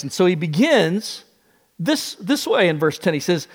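Animated preacher in an echoing church. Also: male voice, sits high, unhurried, breathy edge. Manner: animated storytelling, shifting pace. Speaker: pastor. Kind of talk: sermon.

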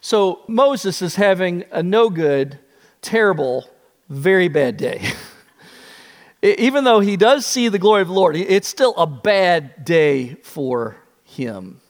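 A man preaching a sermon as pastor, telling the story in an animated way with shifting pace. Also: high-pitched, slow, in a large hall.

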